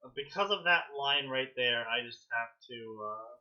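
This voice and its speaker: A man's voice: medium pitch, normal speed. A man co-hosting a casual comedy podcast, rambling with lots of fillers while reading fanfiction. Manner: rambling, self-interrupting with fillers. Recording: dull lo-fi mic.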